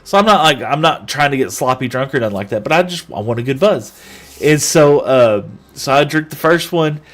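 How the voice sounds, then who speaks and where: A man streaming a game, chatting with viewers and telling a long anecdote in a casual, animated way. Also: medium pitch, fairly quick. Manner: chatty, animated storyteller who talks to chat. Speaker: gaming livestreamer. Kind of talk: casual chat and storytelling while gaming.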